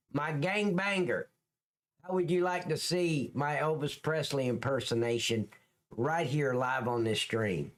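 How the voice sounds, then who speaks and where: A middle-aged man hosting a live stream, chatting casually with viewers in a joking, crude, rambling way. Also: mid-range voice. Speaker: livestream host.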